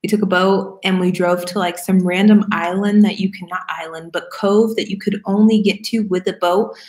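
A young woman from Florida, casually answering viewer questions at home, chatty and animated, laughing often. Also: fairly low pitch, moderate pace. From Florida, United States. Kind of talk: casual Q&A chat. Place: room at home. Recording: roomy echo.

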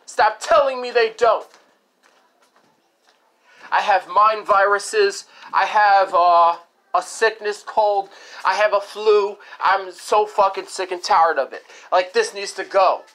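A woman hosting a home-made radio show launches into an angry rant full of swearing and repetition, her frustration building. She speaks slowly at a medium pitch, her tone a bit bright.

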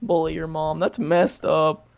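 A man's voice: on the high side, little pitch movement, measured pace, vocal fry. Joking young guy gaming with a friend. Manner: joking, suspicious banter. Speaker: co-player. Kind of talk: casual gameplay chat.

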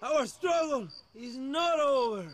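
A man's voice: extremely high pitch, lively intonation, slow, fairly bright tone, exaggerated voice. An actor playing a fiery male rebel leader making a rousing speech to a crowd in a video game cutscene. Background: cheering crowd.

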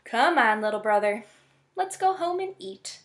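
Storybook bunny girl, tough and sarcastic, high and lively, read by a woman. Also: measured pace, slight background noise. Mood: relieved. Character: feisty little girl bunny, wary and bold.

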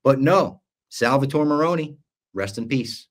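A man's voice: medium pitch, a little slow. A man hosting a podcast in casual chat, recapping a TV episode and acting out the lines he quotes. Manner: animated storyteller, acts out the lines he quotes. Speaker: podcast host.

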